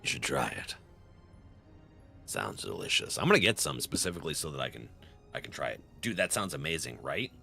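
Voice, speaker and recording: A young man casually chatting on a live game stream into a close microphone, excitable and jokey, laughing often and reading chat aloud. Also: rumbling low, a little fast, gravelly, husky, faint music behind. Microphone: close desk microphone.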